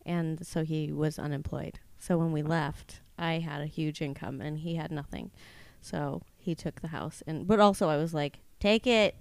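A woman's voice: low-pitched, normal speed, vocal fry, few pauses, no room sound. A woman comedian in her thirties, chatting casually on a podcast and telling stories with lots of laughter. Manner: animated storyteller, laughs often. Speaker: guest comedian.

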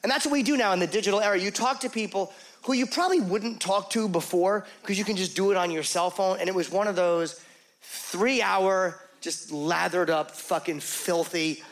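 A middle-aged man telling a crude, self-mocking story in stand-up comedy, rambling and animated. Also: high-pitched, normal speed.

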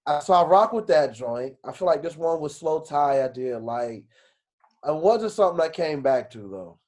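A man co-hosting a casual chat, relaxed and slangy. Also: fairly high pitch, normal speed. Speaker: podcast co-host.

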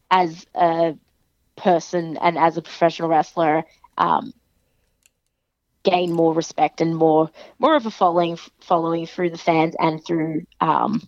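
A woman's voice: on the low side, creaky, dry recording, dull audio. A woman, a professional wrestler, chatting in an interview, laughing often and acting out what others say. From Australia. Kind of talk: casual interview chat.

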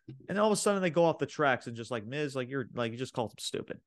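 Male podcast co-host, casual and profane, lots of "um" and "like", middle pitch, dry recording. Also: expressive, rapid-fire, dry recording. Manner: profane, laughing, heavy fillers. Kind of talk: casual wrestling podcast chat.

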